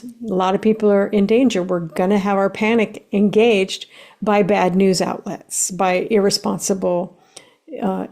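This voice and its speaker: A woman's voice: medium pitch, gravelly, dark tone. A woman hosting a solo podcast lesson about emotions, speaking emphatically, stacking lists of words, and laughing lightly between points.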